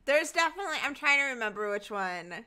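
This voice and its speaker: A woman's voice: high-pitched, animated, fast, pushed and bright, smooth. A woman co-hosting a podcast, chatting casually and thinking aloud as she talks. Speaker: podcast co-host. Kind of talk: casual chat.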